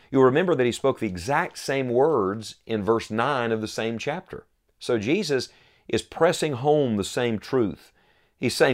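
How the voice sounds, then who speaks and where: A man preaching a sermon, earnest and emphatic, reading scripture aloud and slowing down to stress key lines. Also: medium pitch. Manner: earnest, emphatic, quotes scripture in old wording; slows for emphasis, rising repeated phrases.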